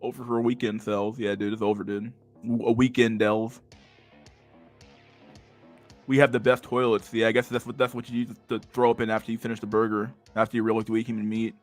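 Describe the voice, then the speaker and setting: A man's voice: fairly low pitch, little pitch movement, fairly quick, faint music behind. A man hosting a casual livestream, rambling crudely and swearing as he reacts to memes. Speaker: livestream host.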